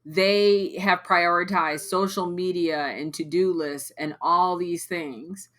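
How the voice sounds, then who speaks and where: A woman sales coach on a live coaching call, blunt and animated, swearing and mimicking her clients. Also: fairly low pitch, slow.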